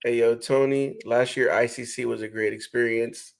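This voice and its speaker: A man's voice: mid-range voice, level tone, moderate pace, gravelly, a crowd in the background. A man hosting a casual livestream, greeting viewers and reading their comments aloud. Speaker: livestream host reading chat.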